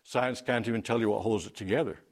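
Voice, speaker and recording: A man's voice: on the low side, fast. A man preaching an unscripted sermon, emphatic, with fillers and restarts.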